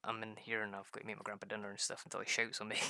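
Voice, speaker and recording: Scottish man, gaming host, loose and rambling, bright crackly voice. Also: on the low side, completely flat delivery, rapid-fire. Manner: rambling, laughs often, mimics voices in quoted lines. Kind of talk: casual commentary while playing a farming game.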